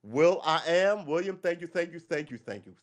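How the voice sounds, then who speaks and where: A man's voice: on the high side, expressive, moderate pace. A man hosts a loose live podcast and rants in a rambling, wry manner. He keeps wandering off on tangents and talks to his listeners as he goes. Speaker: podcast host. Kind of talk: casual live-stream rant.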